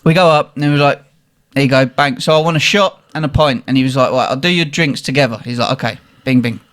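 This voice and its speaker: A young man, animated and swearing as he tells a funny story in casual chat. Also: medium pitch, fast. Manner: animated, swearing, laughing at his own story. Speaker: guest telling a story.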